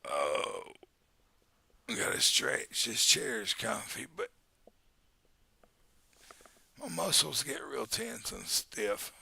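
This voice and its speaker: Man in his 40s, heavy vocal fry, bright edge, rambling casual streamer on a headset. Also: mid-range voice, wildly swooping pitch, slow pace, no echo. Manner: rambling and joking, with baby talk to his dog. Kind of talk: casual live-stream chat.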